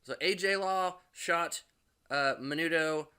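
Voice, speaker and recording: A man rambles through a spoiler-filled movie recap, sarcastic and loose, leaning on fillers. His voice sits a bit high and sounds bright and sharp. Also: takes it slowly, smooth. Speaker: movie reviewer.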